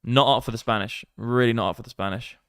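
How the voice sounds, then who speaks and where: Young guy on a crypto stream, swears a lot, smooth clean voice, dead dry sound. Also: mid-range voice, fairly even intonation, fast talker, fairly bright tone, no echo. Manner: brash, sweary banter with a running joke. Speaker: crypto trading livestream host. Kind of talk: casual livestream chat, reading viewer comments.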